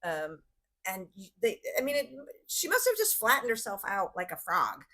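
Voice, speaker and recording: A middle-aged woman hosts a relaxed conversation and tells stories about her business with lively energy. She acts out the quotes and laughs often, and her voice sits in an ordinary middle pitch. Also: moderate pace. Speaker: business owner and podcast host. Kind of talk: casual storytelling chat.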